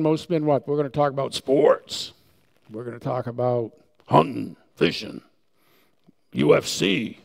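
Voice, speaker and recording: Gravelly-voiced man preaching a sermon. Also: mid-range voice, darkish tone. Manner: emphatic preaching, repeats key words for effect. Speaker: pastor. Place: church sanctuary.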